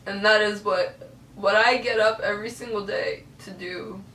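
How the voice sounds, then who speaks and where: A young woman vlogger tells a personal story to camera, earnest, emotional and at times tearful. Her mid-range voice is fairly bright, with fairly even intonation and a moderate pace. She's recorded far from the mic in an echoey room, slightly off-mic, with a little hiss or hum.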